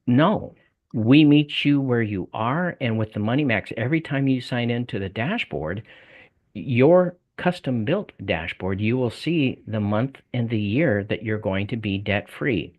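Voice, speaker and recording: A man's voice: mid-range voice, lively intonation, a little slow, narrow, tinny audio. Folksy older man with a Southern accent. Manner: folksy, repeats words and restarts. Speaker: guest, debt coaching salesman. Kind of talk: conversational interview.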